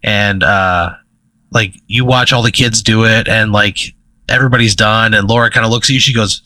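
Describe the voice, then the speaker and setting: A young man with a bright, forceful voice tells a long made-up story, stumbling and filling with "like" and "you know". The sound is dry and close. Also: fairly low pitch, fairly even intonation, normal speed, no room sound, low-quality recording. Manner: rambling, full of "like" and "you know". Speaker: podcast co-host. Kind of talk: improvised storytelling.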